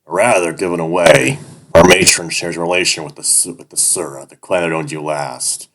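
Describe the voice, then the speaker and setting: A man's voice: steady tone, a little fast, background noise, lightly acted. A man voicing a leering, throaty slave overseer. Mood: jovial. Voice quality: deep, throaty accent. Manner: mocking, jovial, condescending.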